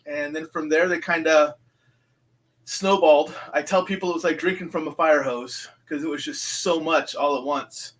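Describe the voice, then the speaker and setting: Male guest, 50s, somewhat high voice, loose rambling storyteller with lots of ums who re-enacts dialogue. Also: steady tone, moderate pace, a bit bright, rough recording. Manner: rambling, re-enacts dialogue, many fillers and restarts. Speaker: guest, psychic medium. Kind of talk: casual interview storytelling.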